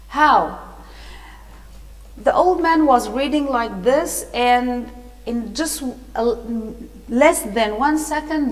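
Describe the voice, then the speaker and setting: Slow, echoey woman teacher. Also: a little high. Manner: explains words and asks the listeners questions. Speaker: English teacher. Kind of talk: reading a story aloud to students. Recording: echoey room.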